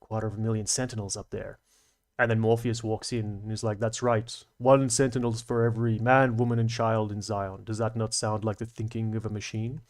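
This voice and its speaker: A man's voice: on the low side, little pitch movement, brisk, a little mellow. Australian man hosting a livestream. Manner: chatty and analytical, dry asides and Aussie slang. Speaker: livestream host. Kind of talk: casual livestream debrief, reading comments.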